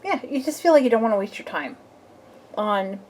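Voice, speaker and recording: A woman's voice: a little high, lively intonation, fairly quick, darkish tone. Woman, young adult, tarot reader, casual chatty reading, playful. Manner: chatty, playful, acts out little scenes.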